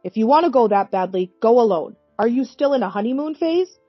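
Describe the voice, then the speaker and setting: Woman voicing a domineering, scornful middle-aged husband; irritable sneer, somewhat husky, dry dull recording. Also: a little high, expressive, brisk, no echo, soft background music.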